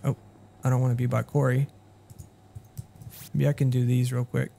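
A man's voice: medium pitch, flat delivery, moderate pace, vocal fry. A man narrates his own gameplay in a mid-range voice, muttering about who to trust as he works through tasks. Faint music plays behind him. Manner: talks to himself while doing tasks, wary. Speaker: streamer playing a social deduction game. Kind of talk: casual gameplay commentary.

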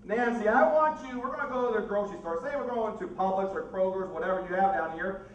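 A man's voice: high-pitched, fast, muffled recording, a little hiss or hum. A man hosting a comedy mind-reading stage show, joking with audience members in an upbeat manner. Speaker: comedy mentalist host. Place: theater stage with live audience. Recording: roomy stage sound from a distance.

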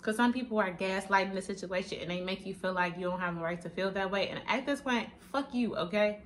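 A woman's voice: medium pitch, quick pace, a little hiss or hum. A woman in her twenties talking casually to camera in a vlog, sassy and blunt, with plenty of swearing. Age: 20s. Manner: sassy, blunt, profane, animated. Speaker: vlogger.

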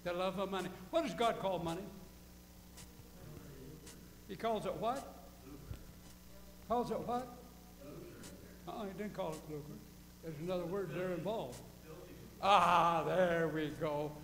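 A man's voice: sits high, a little slow, long pauses, a bit bright, roomy sound, in a large hall, slight background noise, poor audio. A male pastor preaching a folksy sermon, quizzing his congregation and repeating key phrases for emphasis. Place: church sanctuary.

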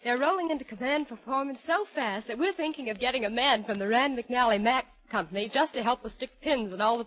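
Brief: female emcee, 1940s radio, chatty, slightly high voice. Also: a bit bright, low-quality recording. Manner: breezy, chatty address to troops. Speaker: mistress of ceremonies. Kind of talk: scripted 1940s radio variety hosting.

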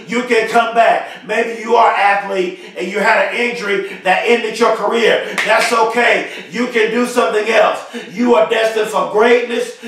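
A man giving a motivational speech, shouting short repeated affirmations with strong emphasis. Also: high voice, a little hiss or hum. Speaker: motivational speaker. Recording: very echoey, far from the mic.

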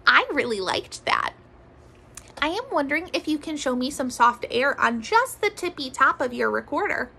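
A woman music teacher leading a children's recorder lesson, speaking gently in a sing-song way and sometimes dropping to soft whispers. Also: high voice, very animated, normal speed, creaky, rough recording. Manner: drops to soft whispers to demonstrate.

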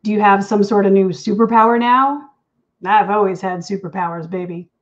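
A woman voicing a calm, wry husband who gently teases his worried wife. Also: medium pitch, normal speed, highs cut off, close to an everyday voice. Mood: teasing. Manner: soothing, wry and gently teasing. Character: calm, teasing adult husband.

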